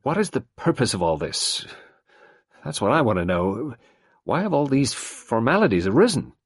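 A nervous, irritable young man, as a male reader plays him, stumbling through his words before snapping them short. The voice is husky and lively in pitch. The recording is dry. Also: no echo. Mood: irritated. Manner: hesitant, halting, then curt.

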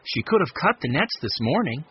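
A thoughtful, careful older boy, voiced by a male narrator, calm and reasoning. The recording sounds slightly muffled. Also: a little high, normal speed, slight background noise, pitched above the performer's own voice.

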